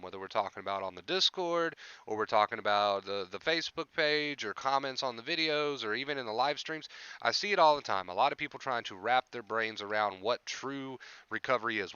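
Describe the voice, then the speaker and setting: A man's voice: mid-range voice, sharp tone, clear, resonant tone, no echo, muffled recording. A young man coaching on anxiety recovery in a casual live stream, repeating his points and greeting viewers by name.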